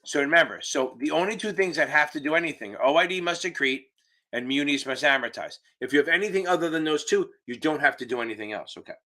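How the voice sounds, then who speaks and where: A man runs a live exam-prep class through his computer mic. His voice is bright and forward, and he explains at an easy pace. He jokes around and drops the odd swear word as he goes. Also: on the high side, lively intonation, fast. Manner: casual, profane, joking teacher. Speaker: exam tutor. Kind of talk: live online Q&A lesson. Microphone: computer mic on a video call.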